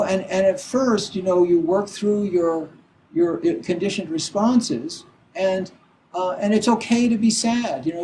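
A middle-aged man and Zen teacher giving a reflective dharma talk, speaking haltingly with frequent "you know" and many restarts. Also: high voice, warm tone, a little hiss or hum, low-quality recording.

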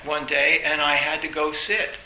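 A man giving a Zen dharma talk, telling personal stories in a halting way, restarting words and laughing now and then. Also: on the high side, flat delivery, sharp tone. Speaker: Zen teacher. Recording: echoey room with faint hiss.

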